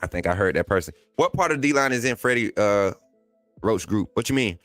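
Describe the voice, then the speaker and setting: A man's voice: fairly low pitch, a little fast, dry recording, soft background music. Man, Southern Alabama accent, live-stream host, casual and chatty, laughs a lot, dry close sound. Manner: animated, laughs often, reads and answers chat comments.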